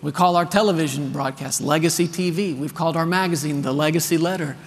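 Man, 30s, pastor, sermon, earnest storytelling, fairly high voice, reverberant hall. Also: quick pace. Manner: storytelling, animated and earnest, calls for responses. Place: large church hall.

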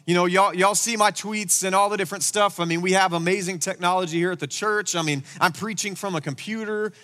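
A man preaching a sermon in a church, animated and full of rhetorical questions. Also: sits high, a little fast. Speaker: pastor. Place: church sanctuary. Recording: long hall reverb.

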